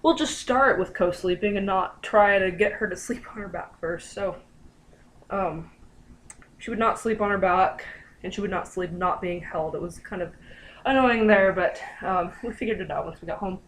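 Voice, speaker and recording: A woman's voice: mid-range voice, moderate pace, a little hiss or hum, rough recording. A young woman casually telling a personal story to her viewers, chatty and full of fillers, acting out what people said. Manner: chatty, lots of fillers, animated quoting. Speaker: vlogger.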